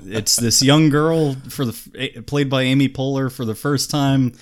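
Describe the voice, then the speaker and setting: A man co-hosting a casual podcast who talks in a relaxed way, with many "uh" pauses and chuckles. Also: medium pitch. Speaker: podcast co-host. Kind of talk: casual chat.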